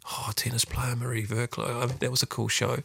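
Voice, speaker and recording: A man's voice: medium pitch, level tone, creaky, sharp tone, husky, no room sound. A middle-aged man hosting a podcast, chatting casually and rambling through his thoughts with many fillers and restarts. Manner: halting, rambling, lots of fillers. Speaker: podcast host. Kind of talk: casual chat.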